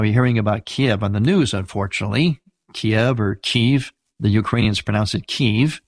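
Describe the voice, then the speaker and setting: Older husky-voiced man giving a church history lecture. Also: fairly low pitch, no echo. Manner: conversational, explanatory, with asides to listeners. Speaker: Byzantine Catholic priest teaching church history.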